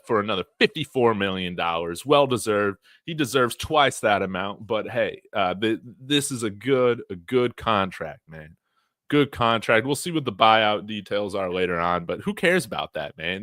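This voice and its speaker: A man hosting a college football fan livestream, talking in an excited, brash, trash-talking way. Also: medium pitch, dry recording, clean studio sound.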